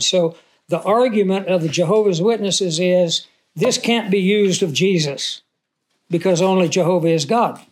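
Delivering a conversational Bible teaching sermon, this pastor's voice sits high. He puts questions to the audience and reads scripture with slow, deliberate emphasis.

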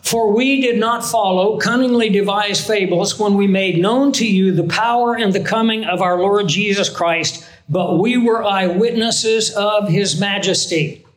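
A man's voice: high voice, a little slow, few pauses, echoey room, low-quality recording. A man teaching a Bible lesson in an earnest, conversational sermon style, often asking his listeners questions.

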